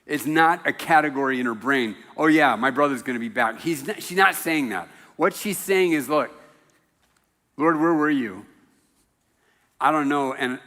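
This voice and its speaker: A man preaching a sermon in a church sanctuary, his bright, forceful voice carrying a long reverb from the hall. He talks in a loose, conversational way and drops in wry jokes at his own expense. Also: medium pitch. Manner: conversational and animated, with self-deprecating humor. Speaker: pastor.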